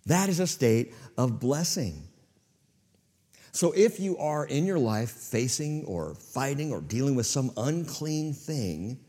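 A man's voice: mid-range voice, mellow, slightly rough, long reverb tail. A man preaching a sermon as pastor to a church congregation, with dramatic swings in volume.

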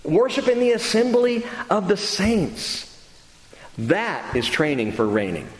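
A pastor preaching in a church, his voice rising and falling with lively, emphatic swings. His pitch sits somewhat high for a man. The sound carries a long, roomy reverb over a faint hum of ambience. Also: measured pace. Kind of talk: sermon with closing prayer. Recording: echoey hall with faint ambience.

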